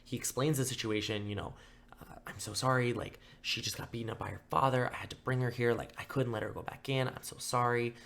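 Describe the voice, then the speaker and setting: A young man hosting a true-crime podcast, telling the story casually with lots of fillers and flat acted-out quotes. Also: medium pitch, a little fast, gravelly. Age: young adult. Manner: casual, filler-heavy, acts out quotes in flat mock voices. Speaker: podcast host.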